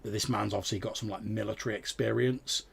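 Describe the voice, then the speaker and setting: A man's voice: on the low side, steady tone, quick pace, creaky, breathy edge. A man narrating a tabletop game as game master, loose and full of fillers. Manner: many fillers, describes scenes loosely.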